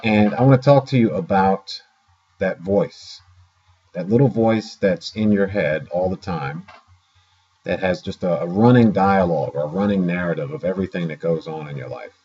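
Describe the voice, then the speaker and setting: A man's voice: deep voice, moderate pace, warm tone, breathy edge. A man talking casually to his camera in a vlog, rambling and correcting himself often, with many fillers, recorded on a dull lo-fi camera mic indoors. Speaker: vlogger.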